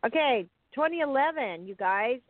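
A woman's voice: high-pitched, animated, moderate pace, dry recording. A woman hosting a casual chat about films, chatty and often searching for words. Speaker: podcast host. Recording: tinny phone-like sound.

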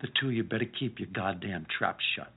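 An actor playing an irritable man who threatens in a hushed, menacing way in a sitcom. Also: fairly low pitch, fast, breathy edge. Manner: hushed, menacing, then ranting. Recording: thin phone-like sound.

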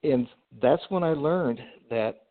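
Animated male storyteller on a phone-like line. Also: on the high side, slow pace. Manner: animated storyteller with fillers and restarts. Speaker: guest entrepreneur. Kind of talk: storytelling in a podcast interview.

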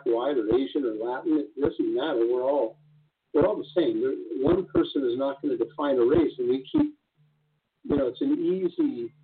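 A man's voice: mid-range voice, breathy edge. A man speaking earnestly in casual conversation, often restarting his sentences. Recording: tinny phone-like line.

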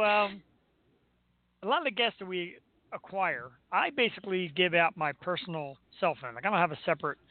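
High-voiced male radio host on a tinny line. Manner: animated storyteller, playful voices in anecdotes. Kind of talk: casual radio banter.

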